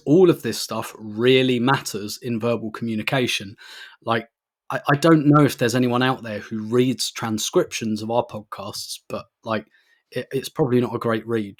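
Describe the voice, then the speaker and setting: A man's voice: mid-range voice, steady tone, moderate pace. A man co-hosting a casual podcast, talking at length with frequent laughs and restarts. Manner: rambling, laughs often, many restarts. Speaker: podcast co-host.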